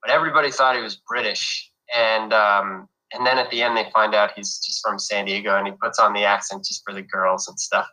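Young guy from new york chatting loosely in an interview, lots of ums and restarts, kinda bright crisp tone. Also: fairly low pitch, steady tone, fairly quick, few pauses, poor audio. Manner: easygoing, rambling with fillers and restarts. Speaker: actor guest. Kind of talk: casual interview chat.

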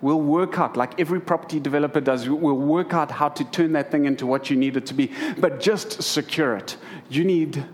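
A man's voice: fairly high pitch, fairly quick, few pauses, slight background noise. A middle-aged man preaching to a congregation, telling humorous stories about family life. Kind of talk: sermon.

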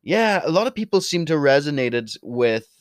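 A man's voice: a little high, big pitch swings, normal speed, no echo, clean studio sound. Blunt Irish man ranting to camera. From Ireland. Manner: blunt, opinionated, swears freely. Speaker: video creator. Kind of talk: casual to-camera monologue.

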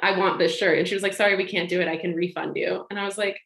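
A woman with a slightly low voice tells a rambling story, animated, laughing and acting out the lines of the people in it. Her voice rings in a roomy space. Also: fast, gravelly. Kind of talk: casual storytelling chat. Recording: roomy echo.

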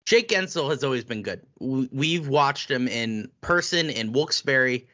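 A man's voice: mid-range voice, lively intonation, unhurried, pushed and bright, highs cut off. A man co-hosting a podcast, chatting casually about sports with playful, teasing banter. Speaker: podcast co-host.

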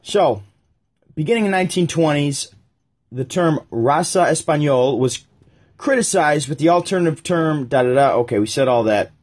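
A man's voice: on the high side, animated, normal speed, slightly rough. A man giving rambling, sarcastic commentary while reacting to a video and reading aloud. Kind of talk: casual commentary vlog.

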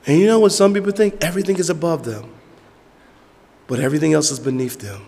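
Pastor, male, slightly high-pitched, preaching with repeated emphatic lines and sudden hushed drops, long church-hall echo. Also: lively intonation, fast talker, gravelly. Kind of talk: sermon. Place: church sanctuary.

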